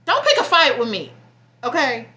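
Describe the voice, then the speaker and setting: Vlogger, young woman: high, bright voice, blunt profane venting, near tears. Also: wildly swooping pitch, moderate pace, highs cut off. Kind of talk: emotional personal vlog rant.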